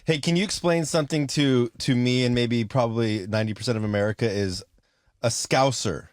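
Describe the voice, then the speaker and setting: A man co-hosting a podcast, asking relaxed, curious questions. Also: mid-range voice, a little fast, no room sound, clean studio sound. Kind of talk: casual podcast chat.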